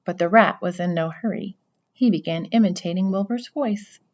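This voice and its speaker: A woman reading a children's novel aloud with steady storytelling narration. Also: medium pitch, normal speed, highs cut off. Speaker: reader.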